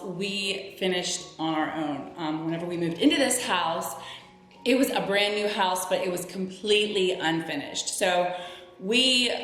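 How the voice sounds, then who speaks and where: A woman chatting upbeat to her viewers as she decorates her home, talking them through each step. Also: medium pitch. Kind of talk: casual decorating tutorial narration. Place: her home living room. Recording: very echoey room with soft background music.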